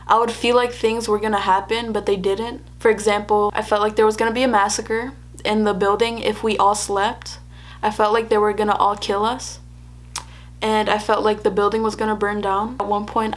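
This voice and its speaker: A young woman vlogging, telling a personal story in a chatty way, laughing often and acting out what people said. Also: medium pitch. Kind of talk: casual storytelling to camera.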